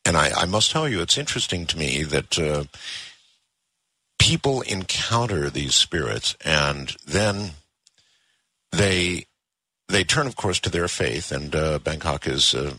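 A man hosting a call-in radio show, speaking in a measured, deliberate way from a studio microphone. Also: rumbling low, animated, bright, forceful tone, dry recording. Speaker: radio talk show host.

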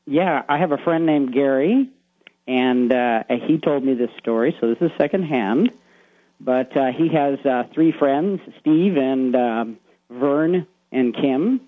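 A man's voice: mid-range voice, takes it slowly, no echo. A man calling in to a radio show, earnestly retelling a secondhand story with many fillers. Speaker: caller. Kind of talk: phone-in storytelling. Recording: tinny phone line.

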